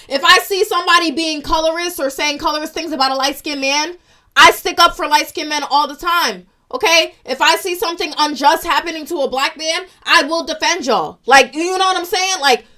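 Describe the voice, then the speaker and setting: A woman's voice: sits high, pushed and bright. A young woman ranting in a casual vlog, emotional and frustrated as she talks to her followers. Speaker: social media commentator.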